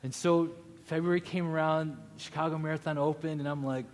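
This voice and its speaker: A man in his thirties preaching a sermon, telling a personal story with animated, acted-out quotes. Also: a little high, a little fast, long reverb tail. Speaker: pastor.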